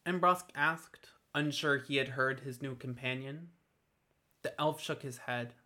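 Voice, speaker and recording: Bright-voiced man narrating fantasy. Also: medium pitch. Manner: steady, measured storytelling.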